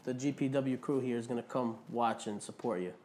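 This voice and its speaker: A man's voice: mid-range voice, fairly even intonation, a little fast, darkish tone. A man hosting a casual interview, chatting easily and sharing old wrestling trivia. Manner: friendly, chatty, drops wrestling history trivia.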